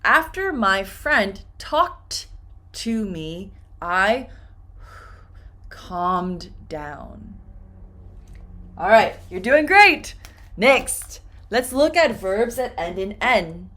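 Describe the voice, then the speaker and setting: Slow, lively woman teaching pronunciation. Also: medium pitch. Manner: repeats words slowly and clearly for learners. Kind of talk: slow, deliberate pronunciation lesson.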